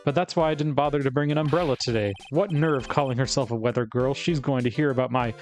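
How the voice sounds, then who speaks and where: A man's voice: medium pitch, fast, soft background music, close to an everyday voice. A man voicing a pompous, arrogant male surgeon who huffs and blusters with self-pity. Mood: indignant. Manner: huffy, self-pitying, blustering.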